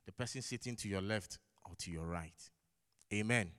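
A man's voice: fairly low pitch, moderate pace, fairly bright tone. Emphatic accented man preaching in an echoing hall. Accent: non-native English accent. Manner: emphatic, asks the congregation rhetorical questions, repeats key phrases. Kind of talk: sermon. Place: church hall. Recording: long echo of a large hall.

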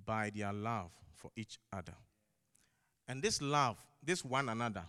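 A fairly bright, mid-range male voice with a non-native English accent fills a church hall, where the long echo of the large room trails each line. He preaches with emphasis, repeating key phrases and asking the congregation rhetorical questions.

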